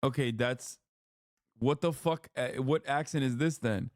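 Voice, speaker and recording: A man's voice: medium pitch, a little slow, no room sound, clean studio sound. A man streaming and reacting to clips, talking casually and bluntly, swearing and joking. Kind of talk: casual commentary.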